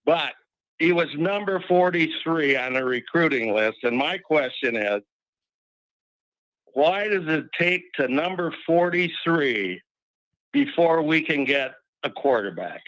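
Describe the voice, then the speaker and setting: A man's voice: on the high side, animated, slow pace, fairly bright tone, dry recording, poor audio. A man calling in to a sports talk show, chatty and wry, rambling a little as he talks. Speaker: regular caller. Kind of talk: call-in sports chat.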